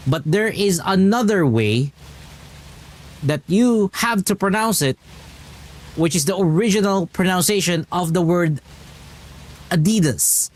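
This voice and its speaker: A man streaming a game, chatting casually and explaining at length, with frequent restarts. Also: sits high. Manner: rambling and explanatory, with many restarts. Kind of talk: casual live-stream chat.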